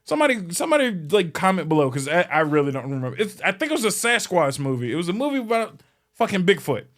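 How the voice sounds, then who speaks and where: Profane ranting man, lively bright voice. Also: high-pitched, fast talker. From Chicago. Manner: profane, blunt, heckling; big swings between muttering and shouting. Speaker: podcast host. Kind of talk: ranting casual monologue.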